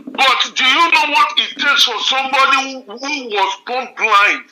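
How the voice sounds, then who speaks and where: A man calling in to a live stream, deferential and halting, saying sir and filling pauses. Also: very high-pitched, pushed and bright, rough recording. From Nigeria's coastal south. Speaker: caller. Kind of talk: casual call-in talk.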